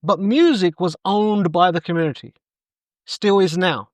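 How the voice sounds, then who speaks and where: Middle-aged guy, coach on a podcast, highish voice, animated storytelling, acts out all the quotes, dry sound. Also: a little slow, no echo. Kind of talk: conversational interview storytelling.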